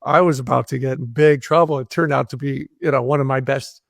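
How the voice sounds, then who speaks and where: A man in a podcast interview telling a long anecdote with animated energy, acting out the voices of people he quotes. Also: mid-range voice, brisk, vocal fry, no room sound, studio quality. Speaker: guest, filmmaker.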